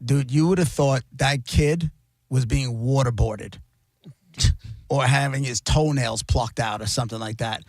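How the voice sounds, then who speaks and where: A man's voice: mid-range voice, unhurried, vocal fry, no room sound. A man co-hosting a radio show, chatting casually and reacting bluntly and emphatically. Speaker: radio co-host. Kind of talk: casual on-air chat. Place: radio studio.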